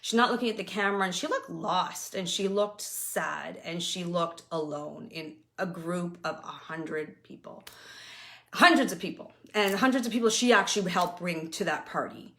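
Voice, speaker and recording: A woman's voice: on the low side, normal speed, pushed and bright. A middle-aged woman from Canada, hosting her own talk and candidly telling a personal story in a casual, storytelling way. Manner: candid, storytelling, acts out quoted voices. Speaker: host.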